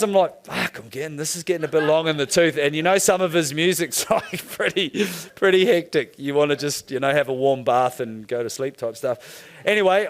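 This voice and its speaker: A man giving a keynote talk to a live audience. He talks casually, swears, and urges the crowd to dance and shout. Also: on the high side. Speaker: keynote speaker. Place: event room with audience.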